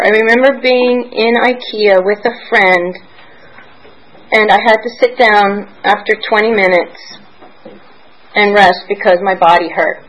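A woman in her forties from Pennsylvania sharing her personal story at a recovery meeting, rambling and candid, emotional at times, with soft laughs. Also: medium pitch, low-quality recording. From Pennsylvania, United States. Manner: emotional and searching.

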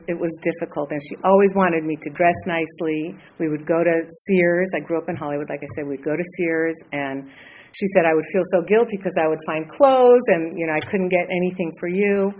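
Woman in her late fifties, low voice, halting, earnest personal share, faint hiss behind. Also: darkish tone, rough recording. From Los Angeles area, US. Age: 50s. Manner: hesitant, many ums, earnest and candid. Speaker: recovery meeting speaker. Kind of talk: personal share at a support meeting.

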